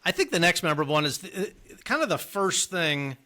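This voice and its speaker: Excitable man hosting a movie podcast. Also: on the high side, fairly quick. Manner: enthusiastic, asks questions, prompts his co-host. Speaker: podcast co-host. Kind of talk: casual movie chat.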